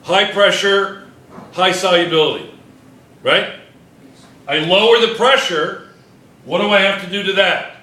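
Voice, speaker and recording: A man's voice: high-pitched, measured pace, pauses often, pushed and bright, roomy sound. A male chemistry teacher lecturing a classroom, firing questions at students and repeating key points.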